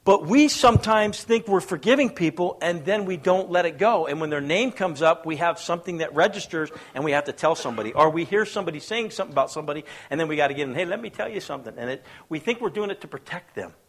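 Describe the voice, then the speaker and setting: A man's voice: expressive, fast talker, hardly any pauses. A man preaching a sermon as pastor, telling stories, acting out quoted voices and asking the crowd if they follow. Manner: storytelling preacher, acts out quoted voices, asks the crowd questions; swings between hushed low asides and loud raised bursts.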